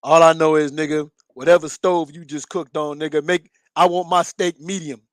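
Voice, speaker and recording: A man with a high voice co-hosting a podcast, joking and hyping up his partner. The sound is dry and close, with no room echo. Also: flat delivery, normal speed. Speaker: podcast co-host. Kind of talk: casual chat.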